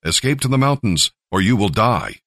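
A man's voice: fairly low pitch, animated, normal speed, a bit bright, dry recording, studio quality. A man voicing stern male angels who issue urgent, commanding warnings.

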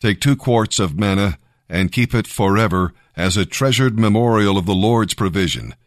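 A man reading the words of Moses, a stern elderly leader, in an earnest, measured way. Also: on the low side, expressive, dry recording, studio quality, natural voice. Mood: instructing.

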